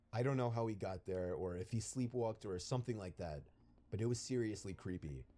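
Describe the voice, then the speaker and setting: A man reading a scripted first-person horror story in a steady, even storytelling manner. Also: fairly low pitch.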